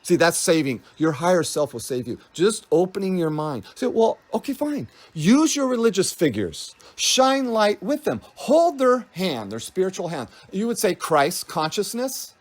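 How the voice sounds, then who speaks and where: A man's voice: sits high, sing-song, normal speed, hardly any pauses. A man giving a rambling spiritual monologue, meandering and restarting his thoughts, often laughing. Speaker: spiritual speaker.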